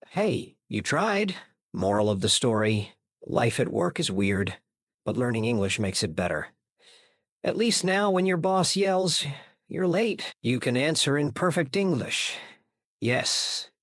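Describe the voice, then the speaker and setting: A narrator reading a comedic English lesson in short, deadpan sentences. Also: mid-range voice, dry recording, clean studio sound.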